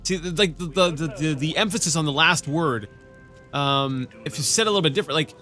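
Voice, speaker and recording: A man's voice: fairly high pitch, brisk, bright, forceful tone, soft background music. A man hosting a let's play, chatting casually and playfully as he reads in-game texts aloud. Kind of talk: casual gameplay commentary.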